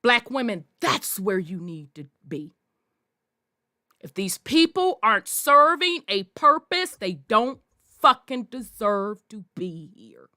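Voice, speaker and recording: High-voiced woman preaching hard, profane. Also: sing-song, slow pace, sharp tone, dry recording, clean studio sound. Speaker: podcast host. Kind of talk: impassioned podcast monologue.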